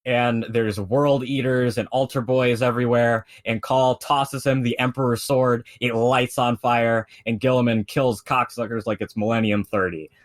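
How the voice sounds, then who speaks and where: A man's voice: mid-range voice, fairly even intonation, moderate pace, hardly any pauses. A man in casual podcast chat, retelling a story in a rambling way with lots of fillers and swearing. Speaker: podcast co-host explaining lore.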